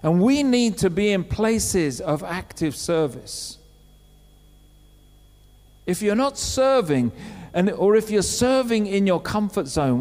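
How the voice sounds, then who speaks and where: A man preaching a sermon, telling a story with lively acted-out quotes. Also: high voice, takes it slowly. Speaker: pastor. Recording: long hall reverb.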